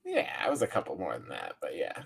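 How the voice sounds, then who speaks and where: A man's voice: sits low, huge pitch swings, fast talker, gravelly. A man co-hosting a podcast in easygoing, chatty casual talk. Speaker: podcast co-host. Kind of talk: casual chat.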